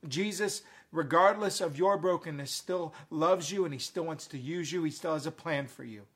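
A man delivers an online sermon as a preacher, pressing his listeners with earnest, repeated appeals. His voice sits fairly high for a man. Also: moderate pace, a bit bright, slightly rough. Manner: earnest, repetitive heartfelt appeals.

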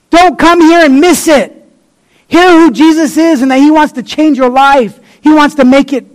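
Male preacher with a very high voice; fervent, blunt, casual sermon delivery. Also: low-quality recording.

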